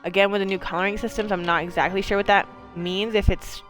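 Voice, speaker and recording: A woman with a mid-range voice streams a game and talks through it in a steady tone at a quick clip, soft music playing behind her. Her commentary is casual and rambling, packed with fillers, the occasional swear word, and easy laughter.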